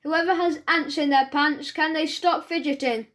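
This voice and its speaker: A brisk, stern male headmaster from a children's audiobook, read by a woman. He speaks in a firm, announcing tone, pitched high. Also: fairly even intonation, fairly bright tone.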